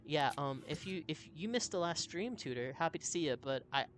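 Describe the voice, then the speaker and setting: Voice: mid-range voice, lively intonation, brisk. Upbeat, chatty game streamer. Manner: chatty, upbeat, reads chat aloud. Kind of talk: live gameplay commentary.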